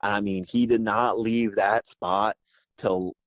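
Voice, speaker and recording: A man's voice: on the low side, no echo. Fired-up man on a dull phone line. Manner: excited, rapid rambling, constant "dude". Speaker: podcast guest. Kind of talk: animated storytelling. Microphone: phone call.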